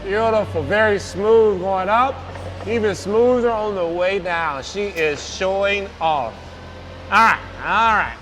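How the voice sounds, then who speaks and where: A man's voice: sits high, slow, a bit bright. A man demonstrating a forklift outdoors, exuberant and hyped, repeating his praise and whooping as he drives. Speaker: forklift salesman demonstrating a lift. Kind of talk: enthusiastic product demo. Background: faint outdoor and vehicle noise.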